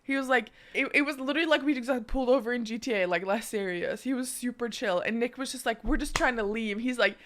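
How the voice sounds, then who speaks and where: Woman, twenties, from Norway, high voice, casual storytelling, profane, animated. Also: fast talker, few pauses, noisy background. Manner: animated, profane, laughs often. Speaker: streamer.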